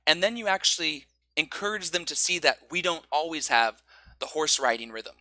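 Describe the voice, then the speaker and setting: A man teaching English pronunciation, explaining stress and rhythm and drawing out example phrases slowly. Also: fairly high pitch, expressive, sharp tone, dry recording.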